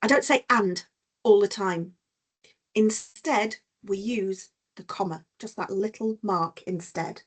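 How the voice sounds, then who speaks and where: A woman's voice: medium pitch, slow pace. A woman teacher giving an online punctuation lesson, explaining patiently with examples over a video call.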